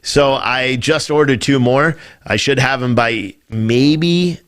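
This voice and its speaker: A man's voice: medium pitch, slow pace. A man hosting a live-streamed political talk show, ranting in a loose, profane way and breaking into mocking impressions.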